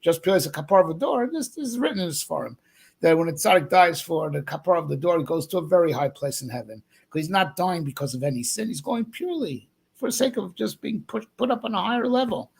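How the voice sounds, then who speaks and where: A man's voice: sits high, lively intonation, fast, gravelly, husky. A man, a rabbi, giving a loose, rambling Torah lesson, full of fillers and frequent "right?" check-ins. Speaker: rabbi teaching.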